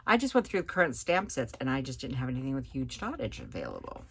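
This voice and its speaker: A woman giving a chatty, relaxed hands-on card-making tutorial, talking as she works at her craft table. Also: rumbling low, quick pace, husky. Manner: chatty, relaxed, talks while working. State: hiccups.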